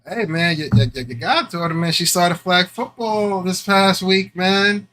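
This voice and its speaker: A man co-hosting a podcast, telling animated stories full of slang and laughter in casual chat. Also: high-pitched, unhurried. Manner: animated storyteller, acts out quotes with laughs; slangy, repeats "you know what I'm saying". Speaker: podcast co-host.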